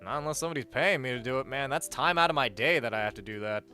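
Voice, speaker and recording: A man's voice: mid-range voice, quick pace, bright, forceful tone, soft background music. A young man streaming live, chatting casually, reading out chat and donations, blunt and swearing freely as he rants. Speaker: livestreamer.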